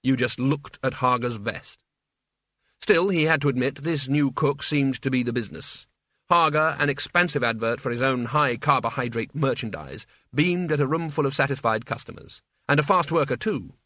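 Bright, wry male audiobook narrator. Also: mid-range voice, normal speed, dry recording. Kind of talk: scripted narration.

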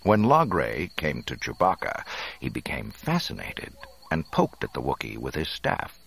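A man narrating a storybook in an expressive, dramatic reading. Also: extremely low pitch, unhurried, creaky, slightly rough.

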